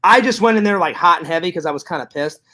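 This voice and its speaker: High-voiced man telling rambling stories. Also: bright, forceful tone. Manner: rambling, halting storytelling with many fillers. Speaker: podcast co-host. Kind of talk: casual chat.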